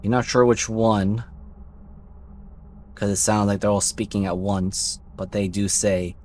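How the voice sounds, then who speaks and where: Lowish-voiced man running a tabletop game. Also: level tone, unhurried, a little mellow, a little hiss or hum. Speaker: game master.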